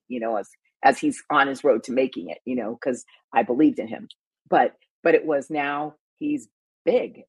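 A middle-aged woman hosting a talk show, telling a story in a casual, animated way with emphatic asides and restarts. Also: no echo. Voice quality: deep, gravelly, very husky voice. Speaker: talk show host and panelist.

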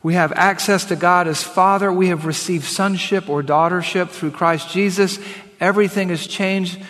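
A man preaching a sermon as pastor, emphatic, slowing down to read scripture aloud. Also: on the high side, fairly bright tone, long reverb tail.

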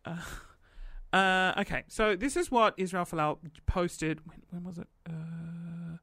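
A man's voice: high-pitched, steady tone, unhurried, bright, forceful tone, no echo, studio quality. A man hosting a podcast, delivering a sarcastic, playful comedic monologue. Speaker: podcast host.

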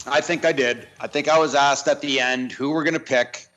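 A man's voice: mid-range voice, fairly even intonation, moderate pace, a bit bright, highs cut off, faint music behind. A man co-hosting a sports talk radio show, speaking hesitantly with many fillers. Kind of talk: casual sports radio chat.

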